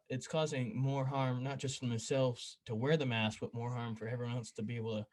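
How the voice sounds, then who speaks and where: A young man hosts a laid-back podcast chat, mid-pitched, rambling from one thought to the next. He jokes around and swears freely. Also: darkish tone. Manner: rambling, swears casually, jokey. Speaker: podcast host.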